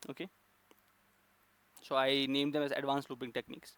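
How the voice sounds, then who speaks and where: A man's voice: medium pitch, level tone, moderate pace, a bit bright, clean tone. A man teaching a coding lesson, explaining step by step with frequent fillers and restarts. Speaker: programming instructor.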